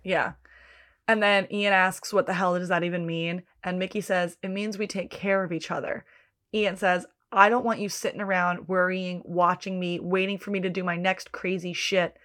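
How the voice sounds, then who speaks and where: A woman's voice: on the low side, flat delivery, moderate pace, fairly bright tone. Woman casually recapping a TV show. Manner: reads out scene dialogue, swears freely. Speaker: podcast co-host. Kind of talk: casual chat recapping a TV episode.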